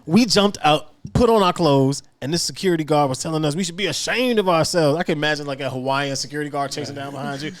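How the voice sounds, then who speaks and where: A man's voice: on the high side, quick pace, hardly any pauses, no room sound. Laughing man reading a story aloud. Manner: animated, laughs often while reading. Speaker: podcast guest. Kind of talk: reading a listener story aloud, casual chat.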